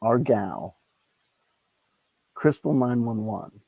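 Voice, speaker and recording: A man's voice: mid-range voice, lively intonation, very slow, creaky, dark tone, no room sound, low-quality recording. A man hosting a solo tabletop game on a lapel mic, rambling and ranting, swearing freely. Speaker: solo tabletop game player and channel host. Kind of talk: casual solo game commentary.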